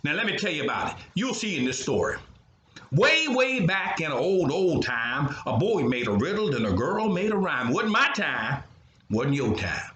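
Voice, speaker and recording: An older man tells a Bible story as a grandfather would, drawing out his words and making horn sounds with his voice. His high, bright voice swoops up and down, and the room gives back a clear echo. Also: sing-song, normal speed, highs cut off, a little hiss or hum. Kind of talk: animated storytelling with sound effects.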